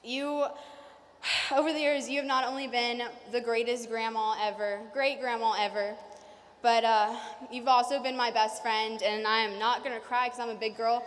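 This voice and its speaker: A young woman giving a graduation speech as salutatorian, nervous and fast, with many fillers. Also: on the high side, steady tone. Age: young adult. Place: large hall. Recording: reverberant hall.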